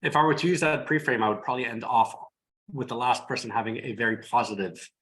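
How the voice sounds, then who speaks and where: On a video call, a tired man with a medium-pitched voice joins a casual group discussion as a hypnotherapist guest, speaking fast. He tells stories animatedly and acts out the quotes, though the audio is poor.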